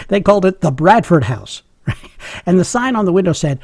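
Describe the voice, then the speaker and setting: Gravelly, chuckling male storyteller. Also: high voice, expressive, normal speed, a little mellow, no room sound. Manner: humorous, chuckling, self-mocking. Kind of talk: personal storytelling.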